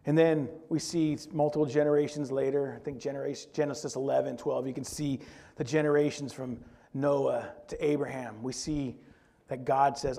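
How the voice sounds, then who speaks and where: A man's voice: on the high side, steady tone, normal speed, creaky, mellow. A man preaching a sermon in a conversational way, often asking the congregation questions. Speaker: pastor.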